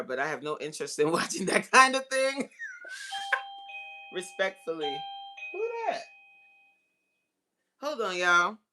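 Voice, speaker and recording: A woman coaching on relationships in a casual live-stream chat, excitable and talking straight to her viewers as y'all. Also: deep voice.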